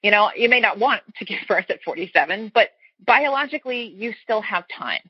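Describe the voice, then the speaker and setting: A woman's voice: mid-range voice, expressive, fairly quick, husky, dry recording. A woman guest on a talk show, a fertility coach, speaking earnestly in a casual interview and explaining things through everyday analogies. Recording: dull, lo-fi sound.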